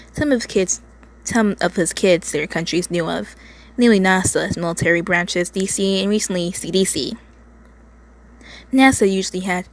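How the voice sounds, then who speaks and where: A woman's voice: fairly low pitch, low-quality recording. A woman from the United States, casually reading a fan story aloud at home into her phone, stumbling and restarting words often. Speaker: amateur reader of an online story.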